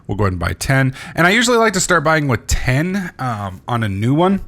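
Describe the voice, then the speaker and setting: A man's voice: mid-range voice, very animated, fairly quick, a bit bright. A man hosting a gaming channel, giving casual gameplay commentary while sleepy, rambling with lots of fillers and restarts and swearing freely.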